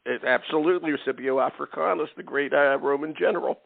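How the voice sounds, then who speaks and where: A man's voice: fairly high pitch, fast talker, creaky, dry recording. A man hosting a casual talk radio show, chatty and jokey, who keeps saying "okay". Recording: tinny, dry phone-like line.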